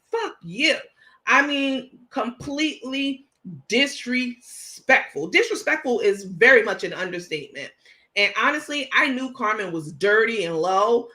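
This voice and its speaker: A woman with a New York accent hosts a livestream and comments on what she reads aloud. Her voice is bright and sharp. She is emphatic and indignant throughout. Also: mid-range voice. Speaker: host.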